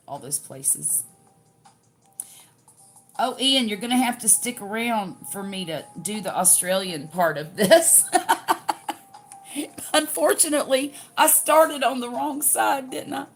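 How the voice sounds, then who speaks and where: An older woman with a Southern US accent chatting casually, folksy, reading out viewer comments and laughing often. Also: on the low side. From US Gulf Coast. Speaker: livestream crafting host.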